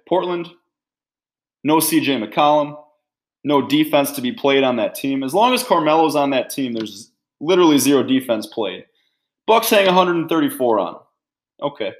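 A man hosting a sports podcast, delivering a blunt, fired-up, opinionated rant. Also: a little high.

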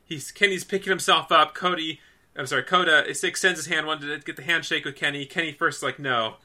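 A man co-hosting a casual podcast, his voice very bright and cutting. He gushes and gets carried away, stringing thoughts together with "like" and dropping curses freely. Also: a little high, fast talker. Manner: excitable, gushing, heavy use of "like", swears freely. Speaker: podcast co-host.

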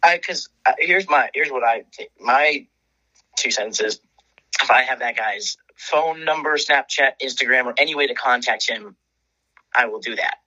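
A young man with a bright, husky voice talks in a laid-back way, swearing freely and often laughing. The sound is dull and lo-fi, like a home podcast recording. He chats casually as a co-host. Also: medium pitch, normal speed. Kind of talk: casual chat.

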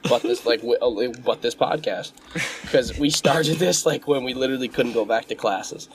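A young man co-hosting a casual podcast, animated and joking, often laughing as he talks. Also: medium pitch, normal speed, a little hiss or hum. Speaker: podcast co-host. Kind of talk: casual chat, hosting a meme segment.

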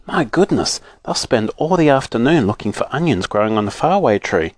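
A man's voice: medium pitch, sing-song, brisk, no room sound, lightly acted. A man voicing an amused, sensible schoolgirl.

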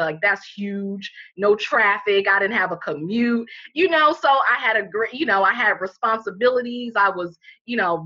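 Bright, husky-voiced woman telling her story. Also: medium pitch. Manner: candid, emphatic, heavy on "you know" fillers. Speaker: interview guest, healing center founder. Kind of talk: personal storytelling in conversation. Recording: dull lo-fi recording.

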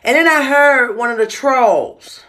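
A woman's voice: high voice, unhurried, sharp tone. A woman calling in to a casual show, ranting in an exasperated, slangy way. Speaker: caller. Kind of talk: casual chat.

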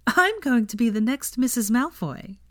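A woman voicing a playful young woman in a storybook reading, her voice lifted high and bright. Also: wildly swooping pitch, a little slow, husky, dry recording, clean studio sound, full character voice. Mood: gleeful.

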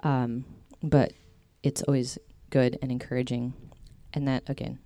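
A woman's voice: very deep voice, level tone, unhurried, mellow, no room sound. A young woman giving a casual faith talk to a group, chatty and full of fillers and tangents.

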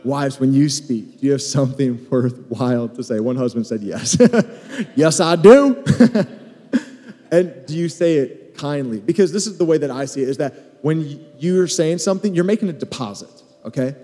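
A man's voice: mid-range voice, a little fast, hardly any pauses, warm tone. A man teaching at a conference, teasing and joking, speaking straight to husbands and wives in the audience. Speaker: podcast co-host speaking at a marriage conference. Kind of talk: conference talk with crowd asides. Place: conference stage in a large hall. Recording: live hall recording with long reverb.

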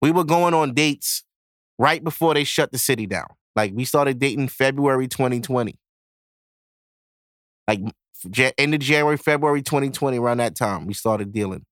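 A man's voice: mid-range voice, normal speed, a bit bright, no room sound, studio quality. A young man hosting a podcast, giving blunt, profanity-laced advice in a casual monologue. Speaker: podcast host.

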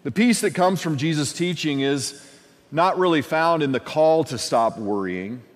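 A man's voice: on the high side, animated, measured pace. A male pastor giving a conversational sermon, acting out everyday questions in different voices. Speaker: lead pastor. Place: church sanctuary. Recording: long hall reverb.

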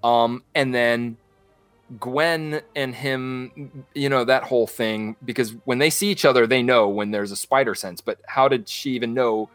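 A man co-hosting a casual gaming podcast, excited, repeating "dude" and "awesome.". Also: medium pitch, unhurried, no echo, faint music behind. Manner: enthusiastic, says "dude" and "awesome" a lot. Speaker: podcast co-host.

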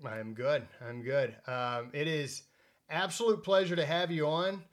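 A male podcast host with a slightly high voice talks in a loose, joking way. He is chatty and relaxed and sometimes trips over his words while introducing a guest. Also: measured pace. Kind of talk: casual podcast chat.

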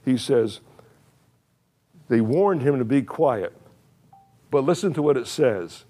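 Preaching slowly in a dark, mid-range, expressive voice, a male pastor uses everyday folksy wording. He's emphatic, repeats lines, puts questions to listeners, and fills his speech with "uh" and restarts.

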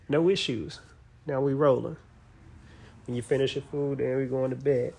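A man's voice: medium pitch, steady tone, normal speed, gravelly, darkish tone, slightly rough. A man in his thirties chatting casually with his partner, laid-back and slangy. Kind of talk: casual chat.

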